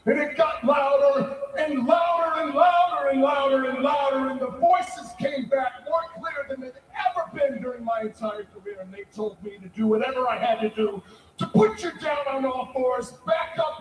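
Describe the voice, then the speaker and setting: A man's voice: extremely high pitch, slight background noise. Male wrestler, menacing arena promo, roomy distant arena sound. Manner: menacing, deliberate, bursts into shouts. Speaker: pro wrestler. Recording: echoey arena from far off.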